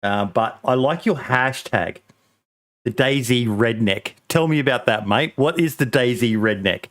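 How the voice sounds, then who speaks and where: Guy hosting a podcast, loose and jokey, swears a lot, normal pitch. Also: measured pace, fairly bright tone. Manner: joking storyteller. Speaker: podcast host. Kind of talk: casual banter, swearing freely.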